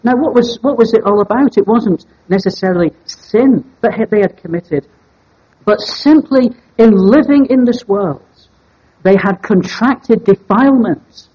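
A man preaching an evening Bible sermon in a measured, deliberate way, stressing key words as he teaches. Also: high voice, warm tone, slightly rough. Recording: dull lo-fi sermon recording.

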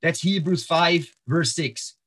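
Man, sermon-style Bible teaching, slightly high voice, repeats and restarts a lot. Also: takes it slowly, a bit bright, slightly rough. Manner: walks through verses, repeats words and restarts, frequent fillers. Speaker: preacher.

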